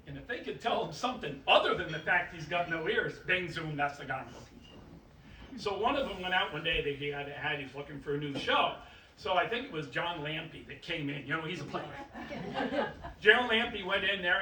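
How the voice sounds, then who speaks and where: A man performing magic patter and telling a long joke to a live audience in a playful, laughing way. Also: fairly high pitch. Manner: animated, laughing, playful showman. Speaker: stage magician and comic storyteller. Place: stage in a hall with a live audience. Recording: roomy, distant live stage recording with noise.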